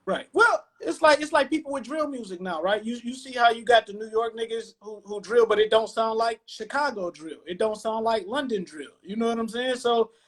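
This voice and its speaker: A man's voice: very high-pitched, moderate pace, hardly any pauses, a bit bright. Laid-back man hosting hip-hop talk. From Detroit, USA. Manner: laid-back, explanatory, frequent "you know what I'm saying". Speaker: podcast host.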